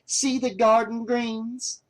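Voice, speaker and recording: A man voicing a heavyset diner waitress who answers in a slow, dry, deadpan way. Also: very high voice, voice pushed up, full character voice, poor audio.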